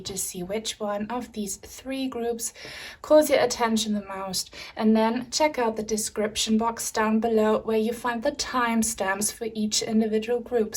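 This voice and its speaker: A young woman giving a spiritual tarot reading to camera, talking softly and reassuringly, a little out of breath. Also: fairly high pitch. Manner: soft, slow and soothing, with gentle repeated reassurances. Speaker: tarot reader.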